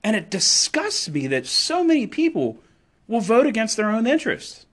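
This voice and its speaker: A man speaking in an impassioned political monologue, with a fairly high voice that leaps up and drops low all the time. He is emphatic and sarcastic, jumping between loud declarations and muttered asides. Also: huge pitch swings, normal speed. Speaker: political commentator.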